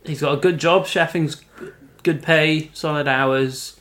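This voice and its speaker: A man with a Welsh accent chats on a podcast, sitting a little higher in pitch than most men. He talks in a sarcastic, teasing way and is quick with a joke. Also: fairly even intonation, fairly bright tone. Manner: sarcastic, joking, quick to tease. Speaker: podcast co-host. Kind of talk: casual chat.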